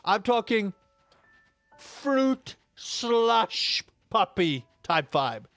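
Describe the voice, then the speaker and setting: A man's voice: sits high, extremely slow, no echo, faint music behind. A young man with a rambling, exaggerated storytelling manner, chatting casually while playing a game. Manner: animated storyteller, exaggerated outbursts, rambling asides. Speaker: gaming YouTuber.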